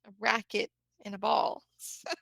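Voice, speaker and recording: A woman's voice: mid-range voice, little pitch movement, measured pace, gravelly, a bit bright, no room sound, rough recording. An American woman, an English teacher, chatting animatedly in a casual conversation and laughing often.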